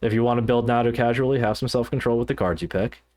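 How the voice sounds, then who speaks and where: A man co-hosting a podcast, talking casually and haltingly, with many fillers and restarts. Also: mid-range voice, darkish tone. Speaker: podcast co-host. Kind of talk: casual podcast chat about card games.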